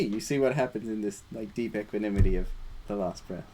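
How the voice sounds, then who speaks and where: A man leading a group meditation discussion, talking in a relaxed, casual way with playful asides. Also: lowish voice, a little fast, a little hiss or hum.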